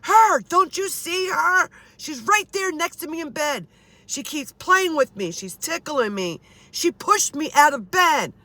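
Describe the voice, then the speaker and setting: A woman voicing her frightened elderly father, shouting in a panic. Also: sits high, sing-song, measured pace, dry recording, pitched above the performer's own voice, full character voice. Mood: frantic. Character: frightened elderly father, big man, yelling.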